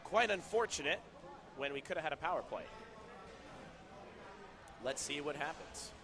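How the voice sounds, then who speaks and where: A man giving casual, chatty play-by-play commentary at an indoor roller hockey rink, with quick bursts of excitement. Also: on the high side, a crowd in the background. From Southern California.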